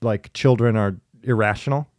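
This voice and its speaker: A man in casual conversation, telling stories in a chatty, lively way with laughing asides. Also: on the low side, moderate pace, dry recording, clean studio sound. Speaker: podcast guest in therapy talk. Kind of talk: casual storytelling.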